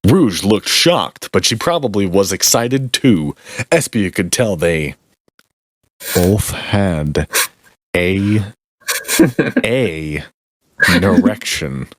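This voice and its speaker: A man hosting a podcast, reading fan fiction aloud in a slow, deadpan comedic way. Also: low voice, no room sound. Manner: slow, deadpan, breaking into laughter.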